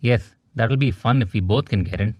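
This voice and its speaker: A man's voice: on the low side, normal speed, dry recording, muffled recording, voice pushed up, lightly acted. A man reading an audiobook, voicing an upbeat, slightly pushy young male friend. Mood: eager. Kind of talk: audiobook character voice.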